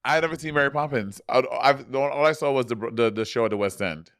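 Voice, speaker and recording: A man co-hosting a casual chat, playful and teasing, quick to laugh. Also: medium pitch, fairly bright tone, no echo, studio quality. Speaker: podcast co-host.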